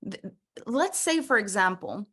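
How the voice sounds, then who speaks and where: A woman coaching a personal development workshop, animated and playful, acting out little scenes as she teaches. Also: medium pitch, measured pace, husky.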